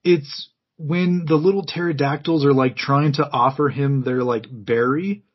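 A man's voice: fairly high pitch, fairly even intonation, unhurried, husky, dull audio. A man co-hosting a podcast in casual chat about a cartoon, rambling with many likes and laughs. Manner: rambling, laughing, filler-heavy. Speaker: podcast co-host.

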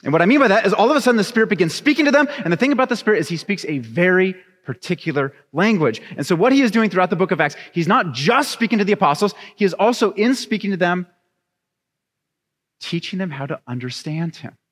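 A young adult man preaching a sermon, reading scripture and then telling a chatty, animated story with laughs. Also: high-pitched, fast. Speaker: pastor. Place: church sanctuary. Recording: long reverb of a church hall.

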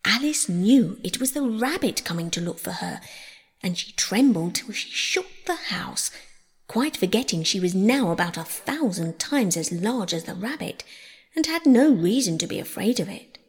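A woman reading a storybook aloud in an expressive way, acting out each character. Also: medium pitch, moderate pace, husky, big-room sound. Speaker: audiobook reader. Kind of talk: storybook narration.

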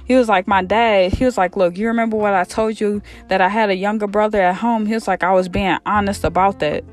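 A man retelling a Bible story in a casual, lively way, acting out the characters' lines in slang and repeating himself as he goes. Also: sits high, fairly quick. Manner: animated, acts out quotes in slang, repeats himself. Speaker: podcast storyteller.

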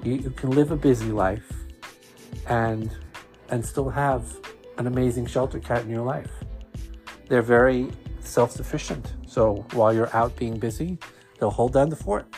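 A man with a Brooklyn accent chats warmly as a podcast host. His voice sits at a middle pitch and he tumbles over repeated words when excited. Faint music plays behind him. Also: a little slow. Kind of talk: casual podcast talk.

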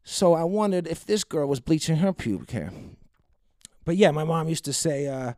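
A man's voice: fairly high pitch, animated, moderate pace, a little mellow, no echo, studio quality. Rambling, profane male storyteller. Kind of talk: casual anecdote monologue.

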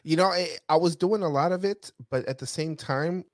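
A man's voice: a little high, moderate pace, no room sound, studio quality. A man in a casual business conversation, recounting his accounting firm's experience and repeating key phrases for emphasis. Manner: storytelling, repeats himself for emphasis. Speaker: accounting firm owner.

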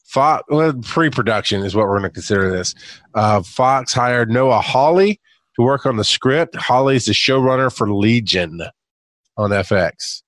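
A man's voice: medium pitch, expressive, unhurried, fairly bright tone, no room sound. A man hosting a podcast who introduces topics in a laid-back, casual way and swears now and then. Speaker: podcast host. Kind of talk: casual chat.

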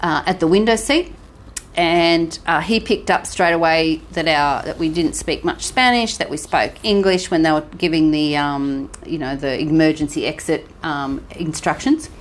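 Australian woman podcast co-host, lower-pitched, chatty storyteller. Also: normal speed. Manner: chatty, animated storytelling with laughs. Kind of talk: casual travel chat.

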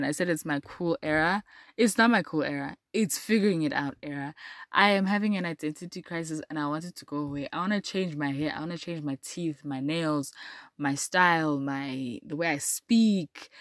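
A young woman chats loosely on her solo podcast and leans on "like" a lot. Her voice sits a little low, and it keeps bouncing up when she gets animated. The sound is close and dry, with no room around it. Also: dry recording. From South Africa. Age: young adult. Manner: chatty and rambling, with frequent "like" and animated jumps in pitch. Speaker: podcast host. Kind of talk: casual solo podcast chat.

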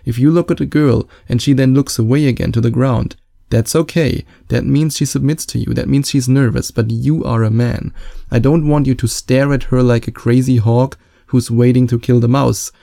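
A man with a very dark, gravelly voice hosts a solo podcast and gives dating advice. He coaches in an emphatic, repeating manner and presses every point home. The recording is dry and close. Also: mid-range voice, fairly even intonation, moderate pace, no room sound. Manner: emphatic, repetitive coaching delivery.

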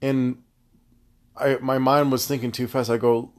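A man hosting a casual solo podcast, rambling through tangents in a loose, profane, animated way. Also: medium pitch, unhurried. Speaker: podcast host.

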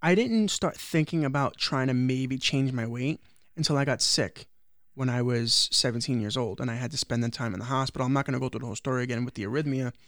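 A man's voice: medium pitch, fast, a bit bright, no room sound, clean studio sound. A young adult man co-hosting a podcast, rambling and self-deprecating in casual chat, swearing freely. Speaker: podcast co-host.

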